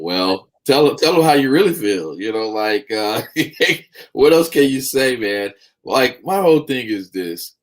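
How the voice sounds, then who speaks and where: A man hosts a sports talk radio show and delivers opinions emphatically. He keeps returning to a firm "okay?" to land his points. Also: medium pitch.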